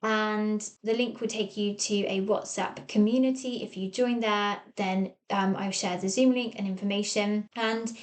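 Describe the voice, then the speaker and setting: English woman, therapist podcast host, coaching tone, small office, mid pitch. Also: steady tone, measured pace, few pauses. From England. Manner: warm coaching tone, acts out quoted voices. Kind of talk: solo podcast talk.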